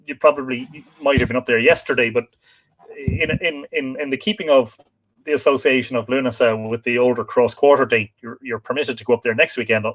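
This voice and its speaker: A man's voice: mid-range voice, fairly bright tone. An Irish man hosting a live book talk, reading aloud and breaking off for musing asides and self-corrections. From Ireland.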